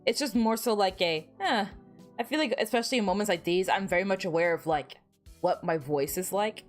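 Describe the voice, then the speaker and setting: Hoarse young woman streamer, casual rambling chat, middling pitch, faint music underneath. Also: a little fast. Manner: rambling, self-deprecating, frequent restarts and fillers.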